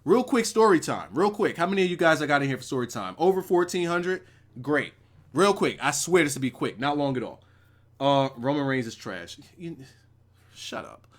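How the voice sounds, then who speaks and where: A man's voice: fairly high pitch, lively intonation, fairly quick. A man hosting a live stream who reviews wrestling shows and tells a rambling, profane story, talking casually with his chat.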